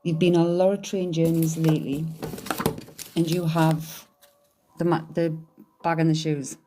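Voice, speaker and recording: A woman's voice: low voice, level tone, a little slow, mellow, slight background noise. A woman doing a psychic reading, thinking aloud in a hesitant, searching way. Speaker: psychic medium. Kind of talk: live medium reading.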